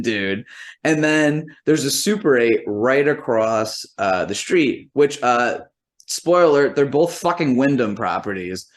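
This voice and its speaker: A man's voice: medium pitch, animated, moderate pace. Rambling, profane male storyteller. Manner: profane, rambling, lots of "like" fillers; quotes people in rough imitation while storytelling. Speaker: musician and comedian. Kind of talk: casual anecdote telling.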